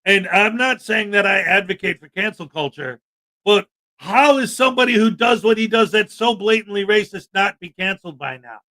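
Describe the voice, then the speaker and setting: A man's voice: sits high, expressive, normal speed, pushed and bright. A man hosting a livestream, talking in an indignant, emphatic rant and reading out chat. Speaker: livestream host. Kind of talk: livestream commentary.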